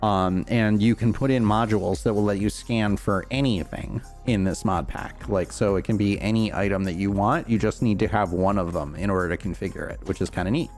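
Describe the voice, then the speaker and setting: A man's voice: lowish voice, fairly quick, hardly any pauses, darkish tone, faint music behind. A young man chatting casually on his livestream while playing, rambling and answering chat with lots of fillers. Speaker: streamer.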